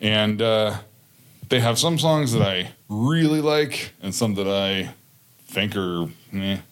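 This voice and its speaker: A man's voice: lowish voice, animated, slow pace, clean tone. A man co-hosting a casual chat who rambles and corrects himself as he recommends songs. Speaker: podcast co-host.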